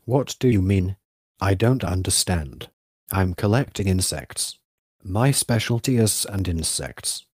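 A man's voice: sits low, expressive, a little slow, darkish tone, no echo, studio quality. A man reading the part of a male schoolteacher who collects insects, answering defensively and insistently.

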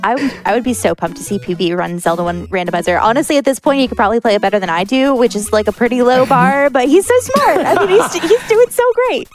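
A woman's voice: a little high, animated, fast talker, few pauses, over music. A woman commentating a speedrun on a live event stage in a chatty, enthusiastic way.

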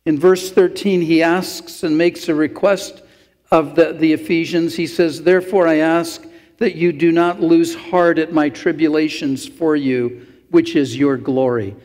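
A man's voice: on the high side, fairly even intonation, measured pace, darkish tone. A man preaching a sermon as pastor, talking through the verses in a conversational way with asides to the congregation. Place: church sanctuary. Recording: long church hall reverb.

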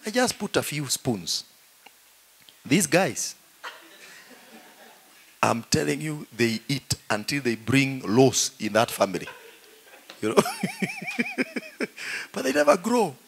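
A middle-aged man with a Kenyan accent, a pastor preaching in a joking, animated way and saying "you know" often. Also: mid-range voice, slow pace, pauses often, a little hiss or hum. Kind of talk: humorous sermon.

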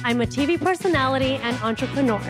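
A woman in her late thirties hosts a chatty podcast interview. Her voice sits a little high and she gushes over her guest. Soft music plays faintly underneath. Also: fast. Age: late 30s. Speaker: podcast host.

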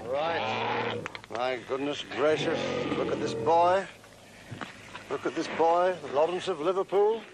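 An exuberant man presenting a travel segment out of doors on a hot day, coaxing and playing to the camera. His voice sits at an everyday middle pitch. Clear background noise from the old outdoor broadcast runs under his talk. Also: sing-song, slow pace, pauses often. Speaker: TV host.

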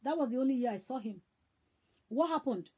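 A woman's voice: high voice, expressive, fairly quick, warm tone, husky. A middle-aged woman with a Nigerian accent preaching an emotional sermon, fervent and exhorting, repeating phrases for emphasis. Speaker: evangelist preacher.

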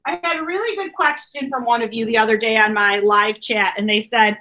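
A woman teacher runs a grammar lesson for her students over a video call. Her voice sits high and bright, and she talks in a chatty way, often checking in with an okay. She is heard through a computer mic. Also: brisk. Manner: chatty, repeats okay a lot. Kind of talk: online class lesson.

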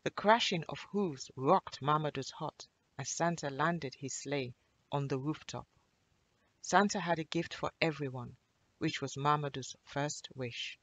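Brief: woman storyteller, animated children's read-aloud, dry close mic. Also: low-pitched, no room sound. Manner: expressive, animated storybook reading.

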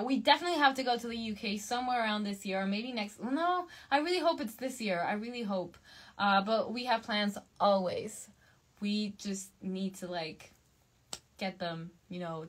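Bubbly, bright-voiced Mexican woman. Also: on the high side. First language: Spanish. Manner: bubbly, switches between English and Spanish. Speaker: band singer on a live stream. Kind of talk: casual chat reading fan comments.

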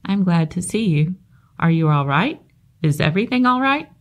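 A woman's voice: low voice, normal speed, darkish tone, close to an everyday voice. A woman reading a storybook aloud, voicing an earnest, anxious young male pig who asks pleading questions. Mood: eager.

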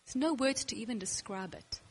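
Lively high-voiced woman teaching. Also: fairly quick, slightly rough. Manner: playful, acts out scenes with students; emphatic, bursts of excitement. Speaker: worship teacher. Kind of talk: animated classroom teaching.

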